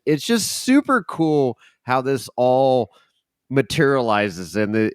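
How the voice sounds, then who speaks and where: A man hosting a podcast, telling stories animatedly and swearing casually in relaxed chat. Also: medium pitch, no echo, studio quality. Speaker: podcast host.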